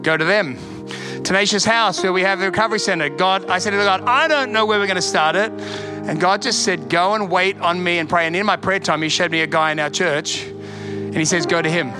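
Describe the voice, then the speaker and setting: A man preaches in a high voice, pressing his points with emphatic repetition and laughing between them. It is a sermon delivered as pastor, with instrumental music clearly playing underneath. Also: a little fast.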